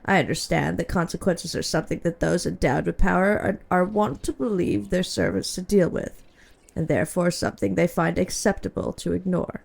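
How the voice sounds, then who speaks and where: A woman reading aloud the lines of a prim, cold female imperial bureaucrat in a formal, measured, coolly polite voice. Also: on the low side, gravelly, darkish tone, pitched below the performer's own voice. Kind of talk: reading game dialogue aloud.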